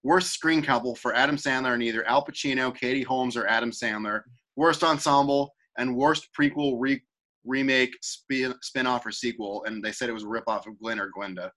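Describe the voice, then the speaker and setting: A man's voice: medium pitch, normal speed, a bit bright. A young man co-hosting a casual chat, rambling with frequent restarts and self-interruptions. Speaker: podcast co-host.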